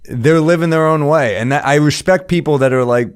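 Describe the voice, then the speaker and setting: A middle-aged man co-hosting a casual comedy podcast, riffing with quick joking asides and frequent laughter. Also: fairly high pitch, smooth.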